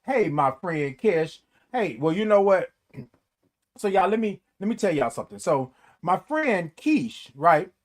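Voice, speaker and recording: Drawn-out, sung greetings come from a lively, high-voiced man hosting a morning livestream show. He keeps the casual chat with his live viewers animated, tossing in snippets of singing.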